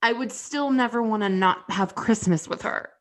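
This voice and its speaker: A woman's voice: on the high side, moderate pace, a bit bright. A woman in her thirties co-hosting a podcast, chatting casually with a dry, blunt, sardonic manner. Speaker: podcast co-host. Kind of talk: casual chat.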